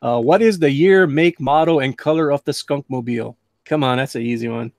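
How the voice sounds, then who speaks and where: A man's voice: mid-range voice, fairly quick, a little mellow, no echo. A man hosting a casual livestream chat while he draws. He jokes with and teases his guests. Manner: joking, teasing. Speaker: host.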